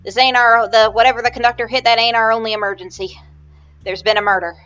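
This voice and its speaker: A woman's voice: a little high, steady tone, fast, fairly bright tone, clear, resonant tone, faint music behind, close to an everyday voice. A woman voicing a weary, no-nonsense woman who talks in a folksy drawl, on a slightly dull mic. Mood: exasperated.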